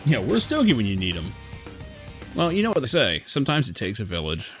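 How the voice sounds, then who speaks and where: Man, game streamer, casual, profane, lively pitch, game music. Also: a little fast. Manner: profane, chatty, reads game text aloud. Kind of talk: casual gameplay commentary.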